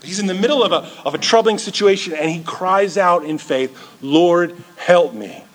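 A man's voice: sits high, a little fast, a bit bright. A male pastor preaching a sermon in a church, earnest and repeating words as he builds his points.

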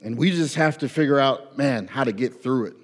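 A man preaching a sermon in a casual, animated way, with slang and acted-out prayers. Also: medium pitch, brisk. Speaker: pastor. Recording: long hall reverb.

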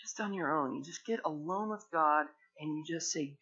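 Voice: medium pitch, big pitch swings, normal speed, hardly any pauses, bright, forceful tone. A pastor preaching a sermon with fervent, emphatic exhortation. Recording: dull lo-fi sermon recording.

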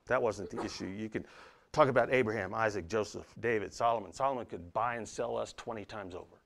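A man preaching a sermon, putting rhetorical questions to the congregation in an animated way. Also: fairly low pitch, brisk, creaky. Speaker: pastor.

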